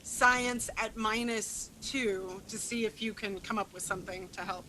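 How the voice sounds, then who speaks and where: A woman's voice: mid-range voice, steady tone, unhurried, background noise. A woman narrating a tabletop game as game master, laughing often and hesitating with fillers.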